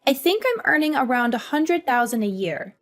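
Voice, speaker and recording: A woman voicing a hurt but defiant young adult daughter in an animated story, talking in an earnest, emotional way. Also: sits high, moderate pace.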